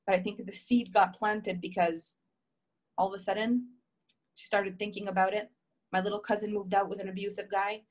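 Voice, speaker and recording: A woman's voice: medium pitch, flat delivery, normal speed, low-quality recording. Woman coach, live session reading viewer comments, emphatic, heartfelt, repetitive. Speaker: relationship coach.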